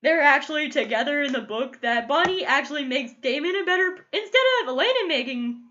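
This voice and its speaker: A woman's voice: high-pitched, animated, fairly quick, sharp tone, dull audio. A woman gushing casually through a TV episode review, emotional and full of "like" fillers. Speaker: TV show reviewer. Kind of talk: casual solo review vlog.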